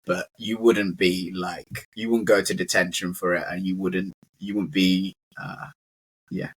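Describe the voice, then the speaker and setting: A man's voice: low voice, flat delivery, measured pace, breathy edge. A British man teaching English in a casual conversational lesson, chatty and full of "like" fillers.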